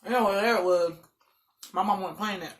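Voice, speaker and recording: A woman vlogger telling a story in a loud, animated, dramatic way. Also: mid-range voice, brisk. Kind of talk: casual storytelling.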